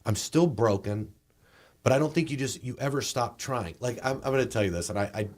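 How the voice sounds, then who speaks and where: A male comedian with a Southern accent telling a story casually, with lively halting restarts. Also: medium pitch. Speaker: comedian and guest.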